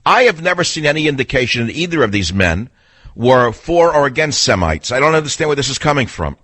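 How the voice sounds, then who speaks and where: A man's voice: mid-range voice, very animated, a little fast, fairly bright tone, dry recording. An older man hosting a national call-in radio show, blunt and sarcastic, arguing with callers and riffing in a talky, mocking way. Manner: blunt, sarcastic, argumentative, mimics people in voices. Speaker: radio talk show host. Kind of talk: combative call-in radio talk.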